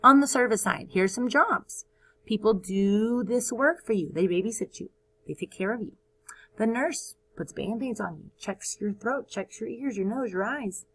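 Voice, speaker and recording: A woman leads a recorded video lesson for first graders, her voice on the high side and slightly rough. Encouraging and sing-song, she sounds out each word slowly for the kids.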